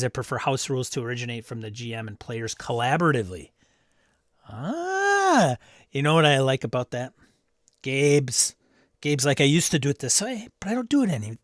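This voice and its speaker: Running a casual live-stream chat on tabletop games, this man greets viewers by name, reads the chat aloud, and throws in snarky comments. He has a mid-range voice, recorded clean in a studio with no echo.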